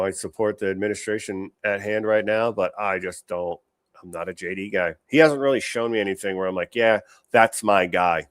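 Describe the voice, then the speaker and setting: A man's voice: on the low side, no room sound, studio quality. A man hosting a show, giving blunt, opinionated reaction commentary on clips, swearing often and restarting his sentences.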